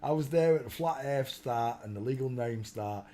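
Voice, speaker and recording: A man's voice: medium pitch, normal speed, mellow. A man hosting a casual live stream, rambling, mocking and often breaking into laughter.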